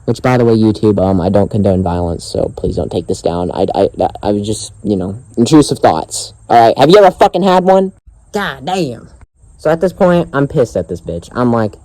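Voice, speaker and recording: A man's voice: on the low side, very animated, moderate pace, dark tone, no echo, rough recording. A young man vlogging outdoors, telling a story in a profane, exasperated and sarcastic rant. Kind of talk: ranting storytime vlog.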